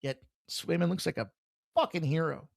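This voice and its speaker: A man hosting a live sports betting stream, brash, excitable and profane as he rattles off picks and jokes. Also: on the high side, normal speed, creaky, dry recording, clean studio sound. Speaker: sports betting show host. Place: room with a hockey banner on the wall.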